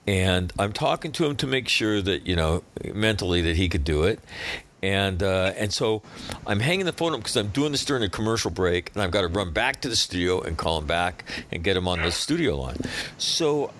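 A man's voice: low voice, fairly quick, a little hiss or hum. A man who works as a radio host, telling a story casually and acting out the people he quotes. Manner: animated, acts out quoted speech.

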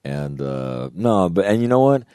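Older ex-Marine man, very low dark voice, profane storyteller, dry close sound. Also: measured pace, clear, resonant tone, no echo. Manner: profane, laughing, animated retelling. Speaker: former Marine. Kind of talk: casual storytelling.

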